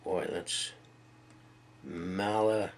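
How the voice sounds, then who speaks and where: A middle-aged man in a casual video blog, reading out a list of foreign phrases haltingly and stumbling over them, with a folksy, self-deprecating manner. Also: low voice, steady tone, slight background noise. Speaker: video blogger.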